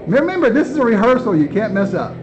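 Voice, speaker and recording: A man with a notably high voice directs a children's play at home, coaxing the young actors along and heaping on encouragement as he narrates. He is filming as he talks. The camera audio is slightly dull and lo-fi, with a faint hiss underneath. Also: big pitch swings, fast talker. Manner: coaxing, encouraging, repeating praise. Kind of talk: coaching children through a rehearsal while filming. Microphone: handheld camera mic.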